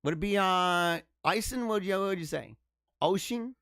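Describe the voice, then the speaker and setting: A man's voice: sits high, fast talker, vocal fry, sharp tone, clean tone, no echo, studio quality. A man hosting a casual livestream, reading news items aloud and joking about them in a rambling way. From United States. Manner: rambling, joking, chuckles often. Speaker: livestream host.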